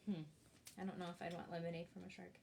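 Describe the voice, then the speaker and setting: A woman's voice: fairly low pitch, flat delivery, fast talker, creaky, a little mellow. A woman librarian reading a picture book aloud for children at storytime. She talks in a chatty way and asks the listeners questions. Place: library, recorded for an online video.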